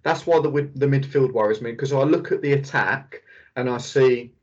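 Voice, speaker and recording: A man of middle pitch talks excitedly on a football podcast and piles on fillers as he goes. His sound is dull and lo-fi. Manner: enthusiastic, fast, filler-heavy analysis. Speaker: podcast host. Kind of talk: casual football podcast chat.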